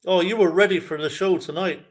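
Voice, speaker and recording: A man's voice: sits high, brisk. A man with an Irish accent hosting a live fan stream, chatty and jokey, laughing often as he greets viewers. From Ireland. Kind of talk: casual fan chat.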